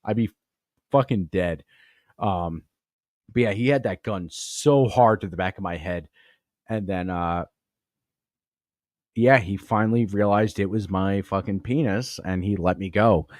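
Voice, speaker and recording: A man's voice: low-pitched, a little slow, pauses often, a little mellow, no room sound, clean studio sound. A man hosting a comedy podcast, telling a crude story in a profane, rambling way and laughing at his own jokes. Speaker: podcast host.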